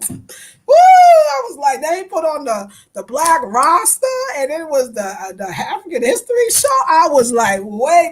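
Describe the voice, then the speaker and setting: A woman hosting her own video, telling a lively story to her viewers and acting out the voices of the people in it, often laughing as she talks. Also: high-pitched. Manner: animated, laughing, acts out voices in her stories. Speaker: video host.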